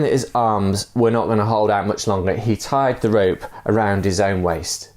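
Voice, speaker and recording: A pastor preaching a sermon, telling a fable in a relaxed way with many fillers. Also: male voice, on the low side, moderate pace, hardly any pauses.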